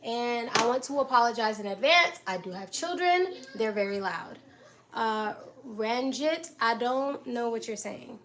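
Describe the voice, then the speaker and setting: A woman's voice: on the high side, expressive, measured pace, fairly bright tone, poor audio. A young woman hosting a casual cooking live stream, chatting with viewers by name and laughing often as she cooks in her home kitchen. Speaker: livestream host cooking dinner. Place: home kitchen with pots and dishes clattering. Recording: kitchen clatter and household noise in background.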